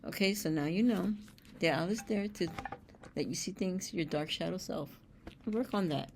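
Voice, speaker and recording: A woman's voice: on the low side, normal speed, gravelly, noisy background. A woman hosting a spiritual show, reading oracle cards aloud and breaking off into blunt, streetwise asides with casual swearing. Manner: blunt, streetwise, swears freely, reads card texts aloud.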